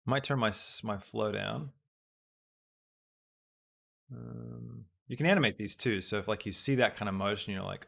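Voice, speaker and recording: A young man talks through a live software tutorial at his computer. His voice sits low and carries a gravelly fry, and he meanders with frequent ums as he works things out aloud. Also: moderate pace, pauses often. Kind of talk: live-streamed casual tutorial.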